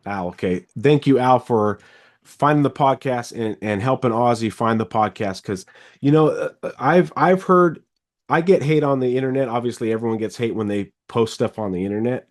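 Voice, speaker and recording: A middle-aged man coaching a car salesman over a video call in a casual, animated way. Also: mid-range voice. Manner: animated, rambling, quick bursts. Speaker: sales trainer, podcast host.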